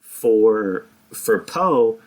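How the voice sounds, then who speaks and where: A man's voice: lowish voice, expressive, drawn-out words, a little mellow. A man chatting casually on a podcast, rambling with frequent restarts and casual swearing. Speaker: podcast co-host.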